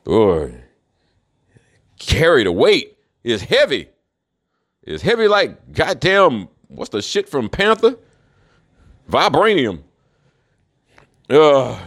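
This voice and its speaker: A man's voice: medium pitch, wildly swooping pitch, takes it slowly, long pauses, fairly bright tone. A man in a rambling solo monologue, profane and mocking, who laughs often. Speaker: commentator.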